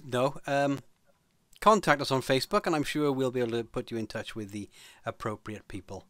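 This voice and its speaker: A man's voice: medium pitch, normal speed, fairly bright tone, no echo. A man with a British accent hosting a podcast, rambling through the sign-off with restarts and chuckles. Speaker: podcast host. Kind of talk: casual podcast chat and sign-off.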